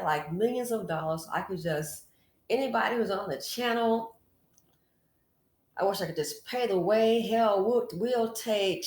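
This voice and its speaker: A woman hosting a casual commentary vlog, talking frankly and chattily straight to her female viewers. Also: medium pitch. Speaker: channel host. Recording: echoey room.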